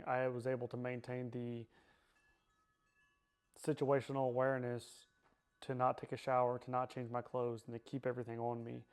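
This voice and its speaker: A man tells his own story in steady, even tones with little rise or fall. His speech is halting, with restarts, repeated phrases and frequent fillers as he works through what happened, and it sounds like a personal testimony. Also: mid-range voice, smooth.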